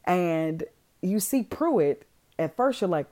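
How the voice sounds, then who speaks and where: A woman's voice: on the low side, slow pace. A woman casually retelling a film plot, swearing freely and acting out the characters' lines. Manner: animated, swears freely, acts out quotes. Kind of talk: casual storytelling.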